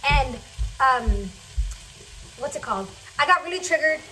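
A young woman telling a chatty, fast storytime while cooking in her kitchen, swearing freely. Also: high-pitched, lively intonation, sharp tone, recorded from a distance, a little hiss or hum, rough recording. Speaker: vlogger. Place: home kitchen.

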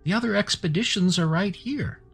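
Guy doing a chill alien dog, raised voice, kinda husky, super relaxed. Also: high voice, fairly quick, faint music behind, voice pushed up, heavily acted. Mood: coaxing. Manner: easygoing, contented. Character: carefree male alien in dog shape.

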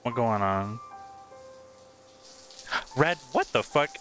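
A young man streaming a game, reacting out loud, excitable and swearing a lot as he talks to the screen. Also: medium pitch, slow pace, over music. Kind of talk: casual reaction commentary. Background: game soundtrack and game dialogue.

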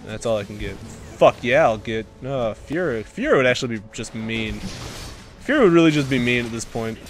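A young man giving live commentary over his own gameplay, excitable and swearing, breaking into loud bursts. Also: medium pitch, a little fast, faint music behind. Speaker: gaming commentator.

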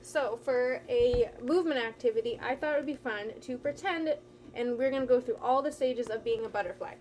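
At home on a carpet, a woman with a slightly high voice talks briskly to the camera while teaching young children. She leads them through a movement game and a science activity. Gentle and encouraging, she occasionally loses her place.

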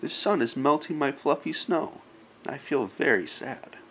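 A woman voicing a gentle, soft-spoken male snowman in a children's musical story, talking slowly and gloomily. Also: very deep voice, animated, a little hiss or hum, pitched below the performer's own voice, heavily acted. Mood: sad.

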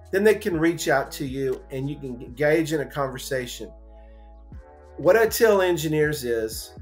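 Folksy, animated male recruiter. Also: a little high. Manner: animated storyteller, acts out voices in anecdotes; folksy and encouraging, many "you know" fillers. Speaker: engineering recruiter, interview guest. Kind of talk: casual conversational interview.

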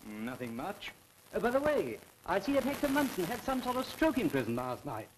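An actor playing an offhand, chatty police aide, in a 1930s film. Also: male voice, high-pitched, huge pitch swings, fairly quick. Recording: noisy old film soundtrack.

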